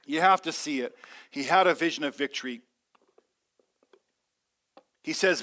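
An energetic male pastor preaching in church with a high, bright voice. He talks emphatically and leans on call-and-response. The delivery stays lively and direct. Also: normal speed, pauses often. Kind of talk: sermon.

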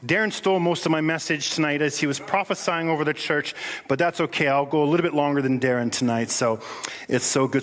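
A middle-aged male pastor preaches with eager, rising enthusiasm in a church hall. His voice sits a touch high for a man and still sounds worn from a recent cough. He speaks like someone who can't hold back his excitement. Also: quick pace. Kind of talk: sermon. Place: church auditorium.

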